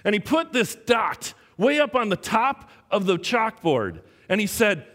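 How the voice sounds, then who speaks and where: High-voiced preacher in a reverberant hall. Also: male voice, measured pace, few pauses. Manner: animated storytelling, acting out quoted voices. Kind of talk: sermon with personal story.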